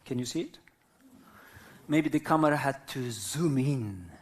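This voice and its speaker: A Turkish man in his fifties whose native language is Arabic gives a reflective live talk as a whirling dance teacher, using simple non-native English. His medium-pitched voice is expressive, and he speaks slowly and philosophically, often checking in with his listeners.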